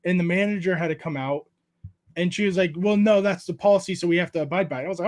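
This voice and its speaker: A man hosting a casual livestream, reading chat aloud and telling profane, animated stories. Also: sits high, fast. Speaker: streamer host.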